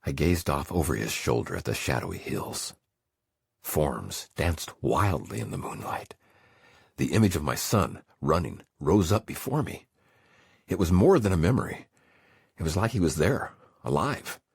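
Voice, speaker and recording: A man with an extremely deep, gravelly voice narrates a memoir in the first person. His delivery is intense and emotional, swinging widely in pitch, with a husky edge. The recording is dry and close. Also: very animated, normal speed, no echo. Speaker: audiobook narrator.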